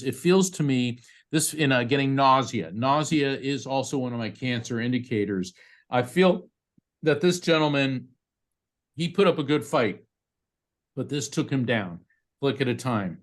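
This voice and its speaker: Chatty male psychic medium. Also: mid-range voice. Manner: chatty, halting, with many fillers and restarts. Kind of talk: live reading for a bereaved parent.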